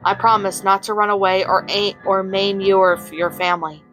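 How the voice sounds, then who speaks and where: A woman's voice: mid-range voice, steady tone, fairly quick, a bit bright, faint music behind, close to an everyday voice, rough recording. A woman voicing a snarky green supervillain woman. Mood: snarky teasing. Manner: sarcastic, snarling, teasing purr. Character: sarcastic green female supervillain thief, snarling. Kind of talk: fan story reading.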